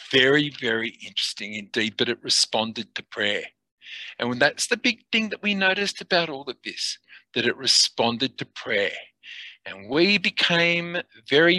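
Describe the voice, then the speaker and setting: A middle-aged man telling a personal spiritual testimony in an earnest, halting way, sometimes dropping to near whispers. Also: mid-range voice, sharp tone, no echo, poor audio. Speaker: testimony speaker.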